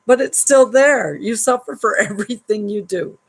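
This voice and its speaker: A woman's voice: a little high, moderate pace, few pauses, slightly rough, low-quality recording. A woman hosting a live stream at home, reading a book aloud and adding wry commentary, laughing often between passages.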